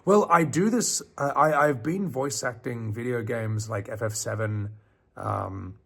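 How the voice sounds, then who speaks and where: A man reading horror stories on a live stream at night, theatrical and dropping into low whispers, chatting with viewers between passages. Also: unhurried, vocal fry, fairly bright tone. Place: outdoors on a porch at night.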